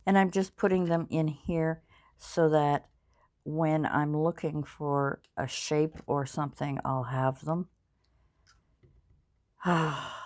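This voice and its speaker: Slow, low-voiced older woman crafting. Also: a little mellow. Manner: rambling, self-deprecating, many fillers. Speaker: crafting channel host. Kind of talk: casual crafting vlog chat.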